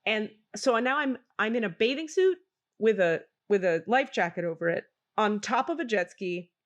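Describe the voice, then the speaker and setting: A middle-aged woman hosting a podcast, telling a story in a casual, animated and self-mocking way. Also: medium pitch, moderate pace, lo-fi sound. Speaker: podcast host.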